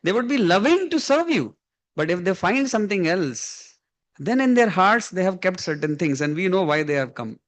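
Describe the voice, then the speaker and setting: A man giving a devotional lecture as a spiritual teacher, telling anecdotes, acting out quoted dialogue and laughing softly now and then. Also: high voice, sing-song, normal speed. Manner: storytelling, acts out quoted dialogue, frequent soft laughs.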